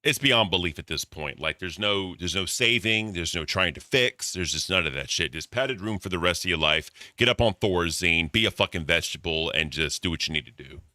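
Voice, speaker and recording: A man's voice: low-pitched, lively intonation, fairly quick, hardly any pauses, pushed and bright, no echo, clean studio sound. A man giving mocking, profane reaction commentary, talking to his chat. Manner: addresses chat as bro. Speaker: streamer reacting to clips.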